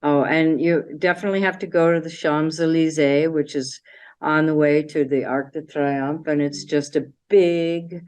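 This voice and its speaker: A middle-aged woman with a notably low voice talks through her travel slides in a loose, chatty way. She fills pauses with ums and lets sentences trail off as she clicks along. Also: fairly even intonation, darkish tone. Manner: chatty, with fillers, sometimes trailing off. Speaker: travel talk presenter. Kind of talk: casual slideshow talk. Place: library community room.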